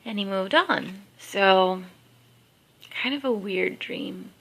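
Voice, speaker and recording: A woman's voice: mid-range voice, takes it slowly, gravelly, fairly bright tone. A woman telling a rambling story in a casual vlog at home, just woken up, with many fillers. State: just woke up. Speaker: vlogger. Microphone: handheld camera.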